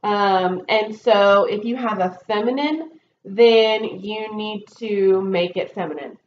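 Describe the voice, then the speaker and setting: A slow-speaking woman with a medium-pitched voice leads a recorded test review lesson in her Spanish classroom. She patiently works through the test with students, full of ums and okays, over a dull, roomy sound with faint noise.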